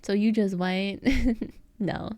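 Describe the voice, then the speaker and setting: A woman's voice: mid-range voice, slow, darkish tone, dry recording. An American woman with an Eastern American accent, chatting casually with her live chat as a streamer and giggling often. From United States.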